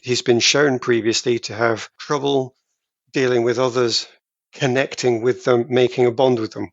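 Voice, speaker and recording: A man co-hosting a podcast, talking through a film in a deliberate, emphatic way, stretching some words for effect. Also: mid-range voice, gravelly, no room sound, highs cut off. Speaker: podcast co-host. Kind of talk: casual film discussion.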